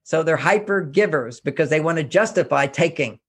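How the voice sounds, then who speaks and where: An older man from Houston, Texas, gives self-help advice as an interview guest. His voice sits a little high for a man and has a gravelly, creaky edge. He talks earnestly and drives each point home by repeating it. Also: expressive, normal speed. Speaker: author and relationship guest.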